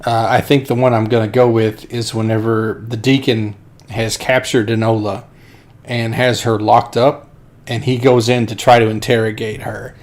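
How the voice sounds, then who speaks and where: A man's voice: lowish voice, little pitch movement, moderate pace, darkish tone. A man co-hosting a movie podcast, retelling a scene in a chatty way and often breaking into laughter. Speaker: podcast co-host. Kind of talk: casual film discussion.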